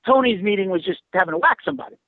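A man's voice: high voice, lively intonation, racing, dry recording, phone-quality sound. A man who writes and teaches screenwriting, talking casually, rambling and swearing as he tells stories. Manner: profane, rambling storyteller with many fillers. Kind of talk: casual podcast conversation.

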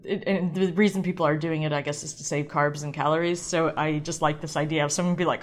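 A woman's voice: deep voice, steady tone, fast talker, hardly any pauses. A woman hosting her own podcast in a rambling, playful, self-deprecating chat. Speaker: podcast host. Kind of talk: casual solo podcast chat.

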